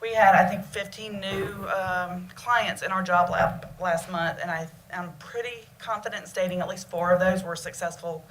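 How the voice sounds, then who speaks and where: Southern lady, new library branch manager, earnest, kinda low voice, echoey room w faint hiss. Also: fairly even intonation, normal speed, few pauses. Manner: earnest and heartfelt. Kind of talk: formal introduction at a public meeting. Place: meeting room. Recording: roomy meeting-room sound with faint noise.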